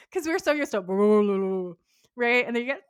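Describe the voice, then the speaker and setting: A woman's voice: high voice, fairly bright tone, no echo. Chatty woman podcast host, dry sound. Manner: rambling, many restarts and tangents; enthusiastic, laughs often. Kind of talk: casual chat.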